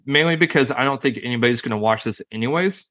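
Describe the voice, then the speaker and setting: A man's voice: medium pitch, quick pace, a bit bright. Rambling laid-back male podcast host. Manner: rambling, restarts sentences, laughs often. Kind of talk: casual chat about movies.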